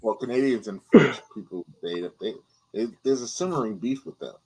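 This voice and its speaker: A man's voice: medium pitch, lively intonation, brisk, darkish tone, husky. Dry, teasing man on a podcast. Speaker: podcast co-host. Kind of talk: casual sports podcast banter.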